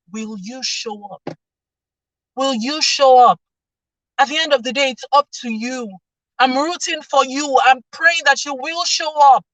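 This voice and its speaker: A woman delivers a faith-based motivational talk in a fairly high voice, pressing each point by repeating it. She sounds set back from the mic, in a dry room with little echo. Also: a bit bright, far from the mic. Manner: emphatic, repeating lines for effect. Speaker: motivational speaker.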